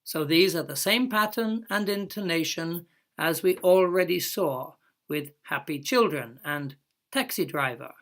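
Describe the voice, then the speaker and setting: A woman's voice: lowish voice, fairly bright tone. A woman giving a recorded English lesson, explaining step by step and stretching out her example phrases. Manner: slow, careful explaining with drawn-out example words. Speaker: English teacher.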